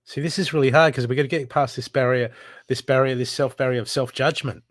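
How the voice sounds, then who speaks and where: A man's voice: medium pitch, fairly even intonation, fast talker, no echo. A man giving a live intuitive reading, blunt and urgent, swearing freely as he presses the listener to heal. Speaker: spiritual reader.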